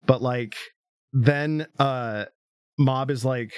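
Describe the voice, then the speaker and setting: Giggly, excitable man on a dry podcast. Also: on the high side, moderate pace, no room sound. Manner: excited, laughing, swears a lot, acts out quotes. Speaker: podcast co-host. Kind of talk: casual chat.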